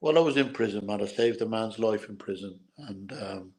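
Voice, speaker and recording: A middle-aged Irish man, a former boxer, telling stories in an interview, halting and repeating words, tearful at times. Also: fairly low pitch, darkish tone, low-quality recording. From Ireland. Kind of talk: emotional storytelling interview.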